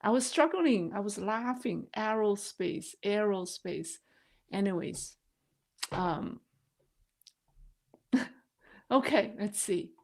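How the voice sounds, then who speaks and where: A woman, a non-native English speaker, hosting a casual live stream, chatty and quick to laugh at herself. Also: medium pitch, lively intonation, darkish tone. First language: not English. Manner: chatty, laughs often, self-deprecating.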